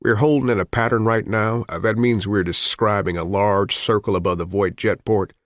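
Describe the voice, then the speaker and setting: A man's voice: fairly low pitch, steady tone, moderate pace, dry recording, clean studio sound, close to an everyday voice. A man voicing a cautious male airline pilot who speaks carefully and hesitantly in an audiobook.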